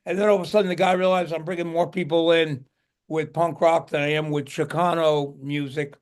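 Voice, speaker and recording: High-voiced older man telling rambling stories. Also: little pitch movement, a little fast. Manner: rambling, repeats and restarts words. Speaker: guest musician. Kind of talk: casual interview storytelling.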